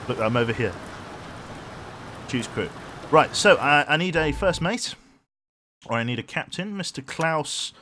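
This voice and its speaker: A man's voice: fairly high pitch, expressive, unhurried, long pauses, pushed and bright, slight background noise. A man streaming a submarine game live, rambling on and humming to himself as he picks his crew and reads out chat. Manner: rambling, hums while thinking, reads chat aloud. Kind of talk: live gameplay commentary.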